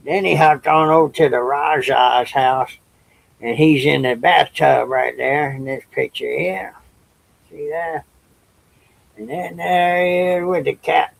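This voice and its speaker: A man's voice: fairly high pitch, creaky, fairly bright tone. An older man reading a children's story aloud as a grandfather, with folksy, chatty asides.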